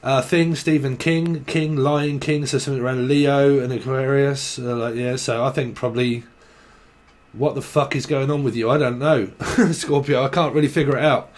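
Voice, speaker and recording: A man's voice: medium pitch, steady tone, moderate pace, a little mellow. A man giving a casual, rambling tarot reading, swearing freely, chuckling and acting out people's inner voices. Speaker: tarot reader.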